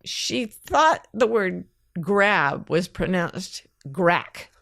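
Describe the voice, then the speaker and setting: A middle-aged woman co-hosting a podcast, telling a personal story in a casual, animated way. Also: mid-range voice, normal speed, gravelly, dry recording, clean studio sound. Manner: animated storyteller, laughs through her own anecdotes. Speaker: podcast co-host.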